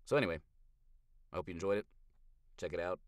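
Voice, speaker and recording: A man narrating an audiobook in first person, sardonic, swinging from hushed asides to loud outbursts, in a small hot booth. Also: sits low, fast talker, dry recording, clean studio sound. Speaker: audiobook narrator streaming a reading.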